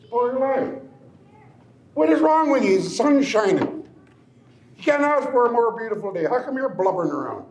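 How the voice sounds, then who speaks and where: An older man voicing a big gentle male bear who scolds kindly, in an echoey room. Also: very high voice, sing-song, moderate pace, pauses often, slight background noise, heavily acted. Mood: chiding. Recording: echoey room, faint ambience.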